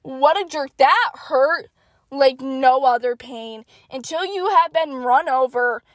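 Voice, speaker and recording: A young woman hosting her own podcast, telling funny stories in a casual, animated, self-mocking way and swearing freely. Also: high voice, takes it slowly, no echo. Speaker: podcast host. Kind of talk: casual storytelling monologue.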